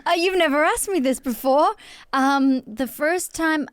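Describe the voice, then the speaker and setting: A woman's voice: high-pitched, measured pace. A woman in her thirties with a British accent, co-hosting a casual podcast chat, chatty and playful. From Britain. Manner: chatty and playful, laughs easily. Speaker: podcast co-host.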